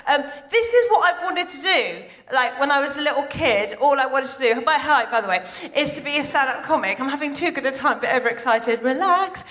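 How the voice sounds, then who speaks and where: A middle-aged woman from Iran doing a stand-up comedy set on a large theatre stage, chatty and excitable with quick asides. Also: sits high, soft background music.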